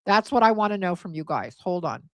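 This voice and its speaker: A woman's voice: fairly low pitch, very animated, fairly quick, fairly bright tone, dry recording. A woman in her forties hosting a casual live stream, chatty and blunt, scornful as she reads viewer comments aloud. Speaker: host.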